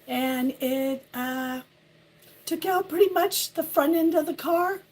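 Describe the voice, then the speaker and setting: At home on a windy ridge, a woman hosts a casual morning live stream, hoarse and losing her voice from a cold. She greets viewers by name and laughs at how she sounds, speaking slowly in a high, darkish voice.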